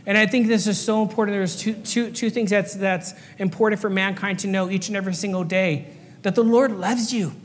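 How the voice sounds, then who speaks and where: Brief: male preacher and chaplain, high-pitched, earnest repeating delivery, recorded in an echoing church hall. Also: fairly even intonation, a little fast, slight background noise. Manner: earnest, repetitive, acts out little voices for illustration. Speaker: pastor and fire chaplain. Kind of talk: sermon. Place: church sanctuary. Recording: long hall reverb.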